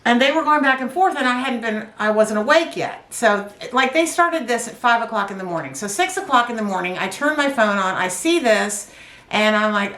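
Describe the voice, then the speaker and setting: Bright, lively woman telling a story. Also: on the high side, moderate pace, reverberant. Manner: animated, rambling storyteller. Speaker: knitting vlogger, yarn dyer. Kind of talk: casual storytelling chat. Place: indoors, on a couch.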